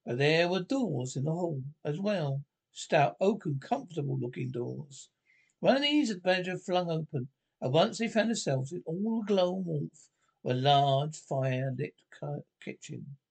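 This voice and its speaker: Man narrating with a gravelly voice. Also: a little high, animated. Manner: halting, with frequent self-corrections. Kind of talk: audiobook narration.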